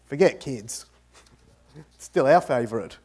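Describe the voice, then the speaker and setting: An Australian man giving a lively, joking talk as a guest speaker to an audience in a university auditorium. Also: mid-range voice, measured pace, husky. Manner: joking, animated storytelling.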